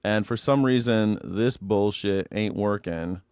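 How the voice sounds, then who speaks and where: A man's voice: lowish voice, takes it slowly, a little mellow, clear, resonant tone, no echo, studio quality. A man hosting a casual livestream reaction show, chatting with his viewers and cursing freely. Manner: chatty, cursing, talking to chat. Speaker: livestream host.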